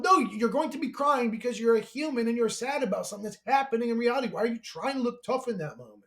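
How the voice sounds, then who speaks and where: High-voiced man in a profane rant. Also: quick pace, few pauses. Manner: profane, exasperated, rising to shouting. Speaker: YouTuber ranting to camera. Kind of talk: angry conspiracy rant.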